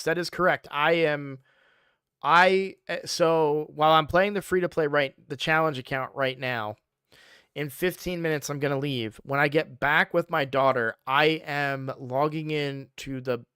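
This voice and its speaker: A man's voice: fairly high pitch, fairly even intonation, moderate pace, a bit bright, clear, resonant tone, no echo, clean studio sound. A man chatting casually on a game live stream, sleepy and yawning, rambling with frequent restarts.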